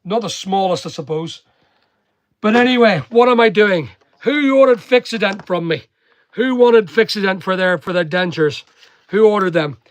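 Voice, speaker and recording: A man's voice: high voice, lively intonation, moderate pace, dry recording. A man with a mixed London and Northern Irish accent, chatting casually on a live stream as an online seller, rambling and greeting viewers by name while he works in a packing room. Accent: London and Northern Irish mix.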